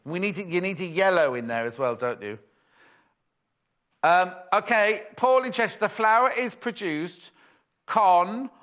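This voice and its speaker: A man's voice: high-pitched, normal speed, fairly bright tone. A man presenting a live sewing shopping show, chatty and playful as he reads out viewer messages. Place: TV studio.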